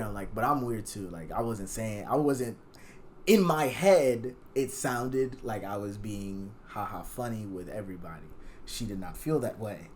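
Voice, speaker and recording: Animated young man telling a profane story. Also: mid-range voice. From Jamaican. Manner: animated, profane, acts out quoted lines. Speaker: podcast guest. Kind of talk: casual storytelling chat.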